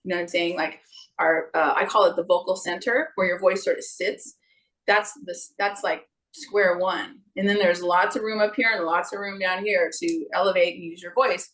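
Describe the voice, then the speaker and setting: Expressive woman vocal coach talking shop. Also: on the low side, moderate pace, rough recording. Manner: expressive, jumps into playful character voices. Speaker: guest, singer and vocal coach. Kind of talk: casual interview chat.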